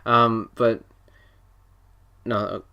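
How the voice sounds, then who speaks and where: A man's voice: lowish voice, flat delivery, extremely slow, creaky, clear, resonant tone, lo-fi sound. A teenage boy hosting a casual podcast chat, rambling and joking with lots of fillers and restarts. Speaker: podcast host.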